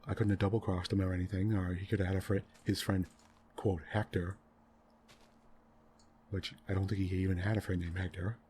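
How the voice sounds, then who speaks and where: A man in soft-spoken gaming commentary, rambling and exasperated as he rants about a game's story, full of "right?" and "you know" fillers. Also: deep voice, a little hiss or hum. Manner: rambling, exasperated ranting about a game plot; frequent tag questions and fillers. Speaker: gaming channel host.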